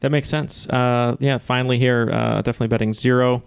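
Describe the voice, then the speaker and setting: A man's voice: medium pitch, level tone, brisk, creaky, smooth, no room sound. A man co-hosting a casual podcast, rambling and joking with lots of fillers. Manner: rambling and jokey, with many fillers. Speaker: podcast co-host.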